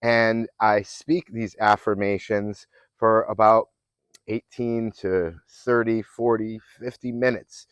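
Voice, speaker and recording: A man's voice: on the low side, steady tone, slow pace, clean tone, dry recording. Earnest motivational coach, a man. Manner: earnest, affirming, with rambling restarts. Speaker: fitness and mindset coach. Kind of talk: motivational self-help talk.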